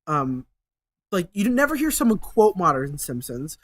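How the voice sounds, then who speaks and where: A man's voice: high voice, very animated, measured pace, a bit bright, no room sound. Rambling, sarcastic man in a dry room. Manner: rambling, sarcastic, swears, many fillers. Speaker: channel host. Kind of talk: casual rambling monologue.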